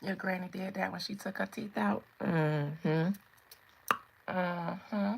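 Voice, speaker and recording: Lady in her 40s reading tarot, gravelly voice, jokey, drops to whispers. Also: on the low side, fairly even intonation, slow pace, rough recording. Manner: playful, laughing, joking, often drops to a whisper. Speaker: tarot reader. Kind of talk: casual spiritual reading and storytelling.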